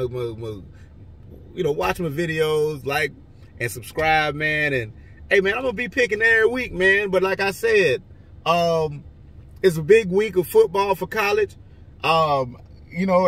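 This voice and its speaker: A man casually rambling through his football picks, joking and swinging between loud and quiet. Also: far from the mic. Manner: rambling, joking, lively swings in pitch and loudness. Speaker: vlogger giving football picks.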